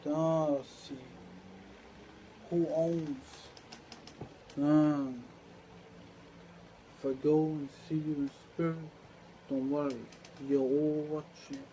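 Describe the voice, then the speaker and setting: A man's voice: fairly high pitch, level tone, very slow, long pauses, warm tone, slight background noise, poor audio. A man delivering a rambling monologue to camera, drifting through loose stream-of-consciousness musings.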